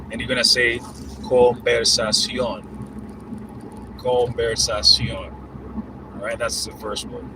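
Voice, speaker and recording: A man teaching Spanish vocabulary casually while driving, explaining loosely with fillers and slowing down to spell out and repeat examples. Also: mid-range voice. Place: inside a moving car. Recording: distant mic with loud road noise.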